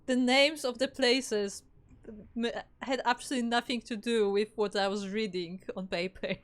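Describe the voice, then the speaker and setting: A woman whose first language is Polish, casting a live game in a relaxed, explanatory way. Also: fairly high pitch, moderate pace, smooth. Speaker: esports caster.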